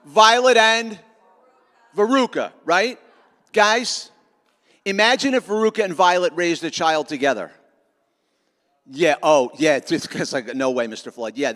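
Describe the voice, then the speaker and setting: A man's voice: fairly high pitch, expressive, unhurried, pauses often, a bit bright. A middle-aged man giving a joking, sarcastic motivational talk to students at a school assembly. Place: large school auditorium. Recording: echoey auditorium.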